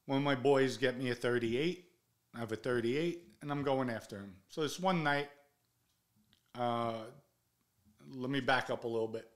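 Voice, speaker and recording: Middle-aged New man, average pitch; blunt, profane interview guest who acts out every quote. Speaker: guest recounting his past. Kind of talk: candid storytelling.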